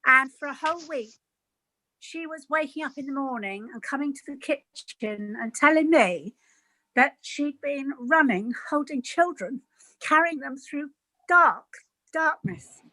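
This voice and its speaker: A woman with a high, bright voice shares a heartfelt story from her caregiving work. She speaks earnestly, with feeling close to the surface. She is heard over a video call. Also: lively intonation, unhurried, no room sound, low-quality recording. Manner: earnest, emotional. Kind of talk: personal storytelling on a group call.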